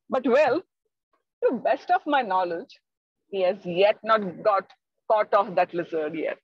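A woman storyteller telling a children's tale slowly and dramatically at an online event. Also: mid-range voice, breathy edge, dry recording. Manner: slow, dramatic and expressive. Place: home, online talk. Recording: dull lo-fi online recording.

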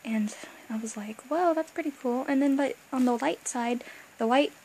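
A young woman chatting excitedly as a fan vlogger, rambling and gushing, with bursts of excitement and quiet asides. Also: high voice, normal speed, slight background noise, poor audio. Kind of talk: excited casual fan chat.

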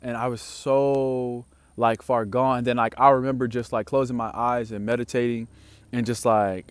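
A young man casually telling a personal story to camera, animated and slangy, with many fillers and sudden swings between loud and quiet. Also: medium pitch, normal speed, clear, resonant tone, dry recording. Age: young adult.

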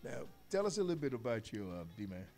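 A man's voice: medium pitch, big pitch swings, fast talker, gravelly, warm tone, faint music behind. A man hosting a radio show, chatting loosely with guests and joking between laughs. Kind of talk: casual radio chat.

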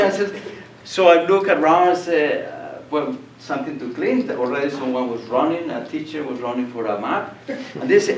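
An older Colombian man gives a public lecture, telling vivid stories, acting out the voices of the people in them and laughing. His voice is fairly high and his pace moderate. He sits well back from the mic in an echoey lecture hall, with a faint background hiss.

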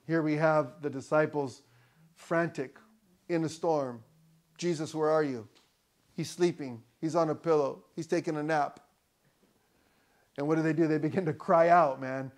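Male pastor, slightly high voice, relaxed preaching that builds to loud emphatic lines. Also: measured pace, pauses often. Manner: conversational preaching, rising to loud emphatic peaks, joking asides. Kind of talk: sermon. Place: church.

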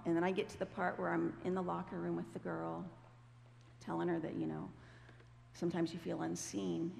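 A woman tells a story from the stage in a lively, chatty way and acts out the people she quotes. Her voice has a gravelly edge. The sound rings with long hall reverb over a faint background noise. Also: on the low side. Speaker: guest speaker. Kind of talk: storytelling testimony to a congregation.

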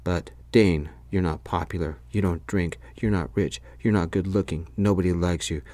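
A man's voice: low-pitched, fairly even intonation, moderate pace, mellow, no echo, natural voice. A man voicing a drunk, pushy ex-boyfriend who belittles his ex, in whispered role-play. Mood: belittling. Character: drunk, clingy, insulting male ex-boyfriend.

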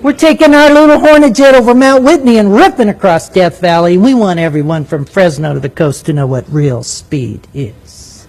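A man's voice: sits high, moderate pace, gravelly, few pauses, darkish tone. A man putting on the voice of a swaggering navy fighter pilot who boasts about his speed. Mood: boastful.

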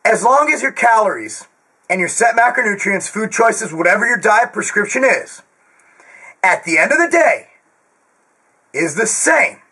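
Brash male fitness host, yelling and swearing straight to camera, very high-pitched and wildly swinging, husky edge. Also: big pitch swings, unhurried, long pauses, low-quality recording. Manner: loud, screaming, profane and brash; jokey, crude asides. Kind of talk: ranting direct-to-camera monologue.

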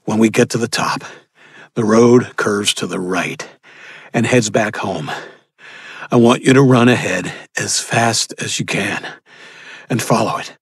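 A man's voice: lowish voice, a little slow, vocal fry, pauses often, breathy edge, dry recording, studio quality, voice pushed up, full character voice. A man doing an urgent, commanding father. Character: determined grown father under threat.

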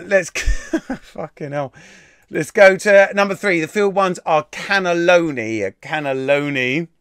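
Male quiz host, fairly high voice, chatty and sweary, dry close desk-mic sound. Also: a bit bright, dry recording. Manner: chatty, swears casually, laughs at himself. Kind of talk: live-stream quiz answer reveal.

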